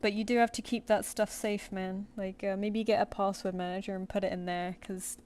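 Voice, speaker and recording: A woman's voice: mid-range voice, level tone, fairly quick, darkish tone, faint music behind. A woman streaming while she draws, thinking aloud and answering her viewers in casual chat. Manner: chatty, thinks aloud, reads chat comments and answers them. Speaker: streamer drawing live.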